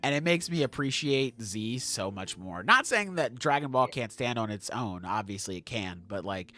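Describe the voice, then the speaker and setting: A young adult man hosting a podcast in casual chat, animated, swearing and laughing often. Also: mid-range voice, moderate pace. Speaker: podcast host.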